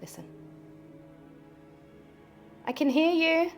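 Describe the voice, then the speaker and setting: A woman vlogging a ghost hunt in an abandoned house, talking to spirits, jumpy and swinging from hushed to loud. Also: very high-pitched, slow, soft background music. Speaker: paranormal vlogger. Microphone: small mic on the camera.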